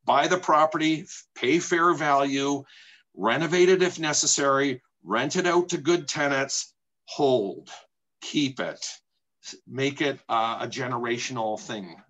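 A middle-aged man from Canada speaks as a real estate agent in a webinar. His voice sits at an ordinary middle pitch. He talks in an opinionated, emphatic way, asking himself rhetorical questions and repeating his key points. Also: a little slow, fairly bright tone, highs cut off. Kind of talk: presentation talk.

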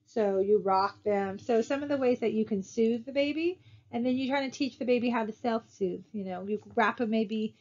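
A woman's voice: a little high, moderate pace, darkish tone, muffled recording. A woman instructor giving a recorded slide lecture, talking conversationally and posing rhetorical questions to her students. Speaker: college instructor.

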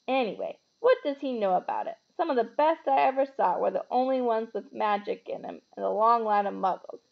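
A woman's voice: a little high, creaky, muffled recording. A woman voicing a big, kindly half-giant groundskeeper man who talks in a hearty, blunt way, read aloud from a storybook.

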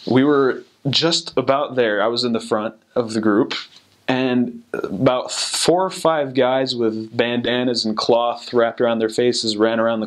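A young man, a returned missionary, casually telling stories and giving advice in a relaxed, rambling way with many fillers and restarts. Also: medium pitch. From United States.

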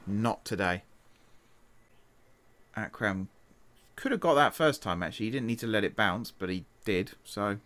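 Casual man commentating a football game. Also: dry recording. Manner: chatty, self-correcting, quick laughs, shifts from excited to low mutters. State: tired from an early start. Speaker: gaming streamer.

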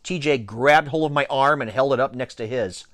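A man reading a children's novel aloud with expressive storytelling and playful asides. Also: mid-range voice, moderate pace, no room sound, studio quality. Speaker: reader.

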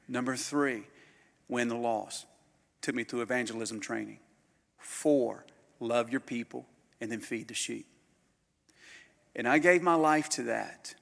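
A man, a pastor preaching a storytelling sermon that swings from loud bursts to hushed near-whispers. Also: medium pitch, gravelly. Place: conference hall. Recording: live hall recording with long reverb.

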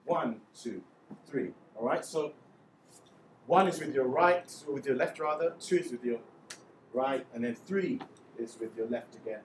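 A male music teacher explains things patiently, step by step, counting beats aloud in an unhurried mid-range voice. He sits a bit off-mic in an echoey room, with faint ambience and a little hiss or hum.

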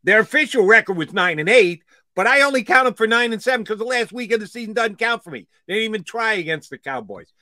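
A man hosting sports radio with a bright, forceful tone and a somewhat high voice for a man. He talks in a wry, animated way and keeps throwing in jokey asides. The sound is close and dry. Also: fast talker, dry recording. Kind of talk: casual sports talk.

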